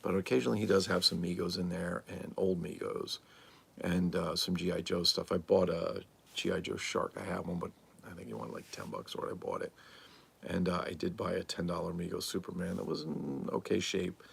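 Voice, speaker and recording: A man's voice: low voice, brisk, gravelly, slight background noise. A man hosting a casual livestream from a collectibles room at home, rambling and answering viewers' comments aloud. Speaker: livestream host and toy collector. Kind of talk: casual live-stream chat.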